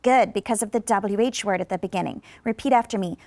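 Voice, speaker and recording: A woman teaching an English lesson in a scripted classroom style, encouraging viewers to answer and modeling sentences slowly for them to repeat. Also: medium pitch, darkish tone, dry recording. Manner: slow, carefully drawn-out model sentences for repetition; encouraging, coaxes replies from viewers. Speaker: ESL teacher. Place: studio.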